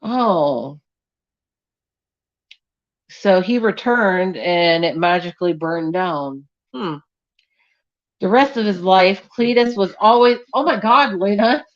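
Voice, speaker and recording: A woman tells a true crime case on her live stream at an unhurried, drawn-out pace, casual and a little sweary. Her voice sounds dull and lo-fi through the stream audio. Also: medium pitch, lively intonation. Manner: loose, sweary and distracted, scolding a cat mid-story.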